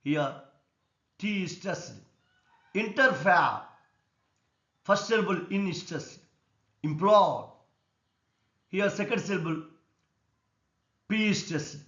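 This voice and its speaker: A man with an Indian English accent teaching an English lesson on word stress, explaining slowly and deliberately. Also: high voice, fairly bright tone. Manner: slow, deliberate explanation, repeating words and stress rules. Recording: echoey room, dull lo-fi sound.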